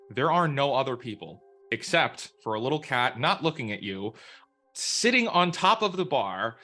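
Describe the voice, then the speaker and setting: Bright-voiced man running a tabletop game. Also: mid-range voice. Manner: relaxed, meandering, with fillers. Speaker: game master.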